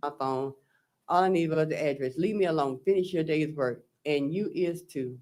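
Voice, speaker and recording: A man's voice: fairly high pitch, normal speed, a little mellow. A man testifying as a trial witness, recounting text messages and quoting what was said. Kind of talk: courtroom testimony.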